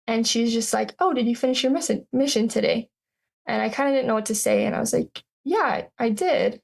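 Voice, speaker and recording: A young woman in her twenties tells her own story as an interview guest. Her voice has a noticeable gravelly fry, and her pitch sits mid-range for a woman. She talks in a halting way, full of fillers and restarts. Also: a little mellow. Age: 20s. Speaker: podcast guest.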